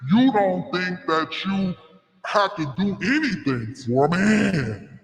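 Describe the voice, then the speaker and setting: A man speaks slowly and scolds his listeners in a preachy way. His voice sits fairly high. The sound has a long echo, as if he is in a reverberant room. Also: expressive, faint music behind.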